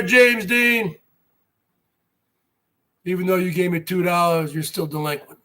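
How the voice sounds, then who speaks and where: A man's voice: sits high, measured pace, sharp tone. A man hosting an online show, delivering a mocking, repetitive rant at rivals and calling them brother. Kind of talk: ranting monologue to viewers.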